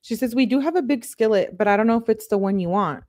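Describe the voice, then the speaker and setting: A woman's voice: on the high side, fast talker, darkish tone, no room sound. A young woman reading text messages aloud as a true crime commentator, with casual chatty asides.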